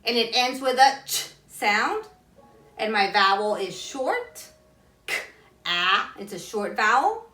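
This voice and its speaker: A woman teacher giving a phonics lesson to children, sounding out letters slowly and clearly and asking listeners to say the words with her. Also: fairly high pitch, sing-song, bright, forceful tone, echoey room, distant mic.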